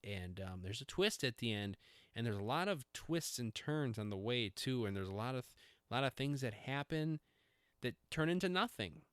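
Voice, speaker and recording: A man's voice: medium pitch, lively intonation, normal speed, a bit bright, clean tone, no room sound, clean studio sound. A middle-aged man hosting a podcast, talking in a rambling, self-interrupting, jokey way. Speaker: podcast host. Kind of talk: casual rambling monologue.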